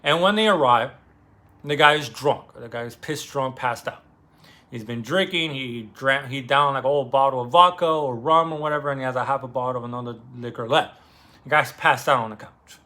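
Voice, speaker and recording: A man talking through a novel's plot in a casual vlog, loose and chatty, full of fillers and the odd curse. His voice sits at a middle pitch with a bright, forceful edge. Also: fairly quick. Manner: loose and animated, many fillers and swearing. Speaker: book vlogger.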